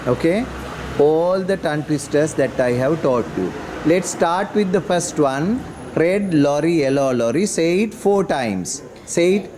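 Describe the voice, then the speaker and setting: A male teacher leading a children's class, giving brisk, directive prompts in a classroom. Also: on the high side, darkish tone, a little hiss or hum. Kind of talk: classroom instruction.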